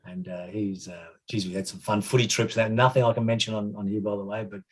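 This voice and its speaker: A man's voice: lowish voice, little pitch movement, fast talker. An Australian man in his fifties, a former footballer on a podcast, telling rambling, chuckling stories with many restarts. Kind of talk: casual storytelling.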